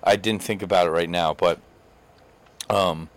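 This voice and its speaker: A man's voice: low-pitched, steady tone, unhurried. A young man hosts a casual vlog and chats with a friend in a playful way. He keeps laughing his way through his own joke. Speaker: vlog host, musician. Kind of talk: casual chat.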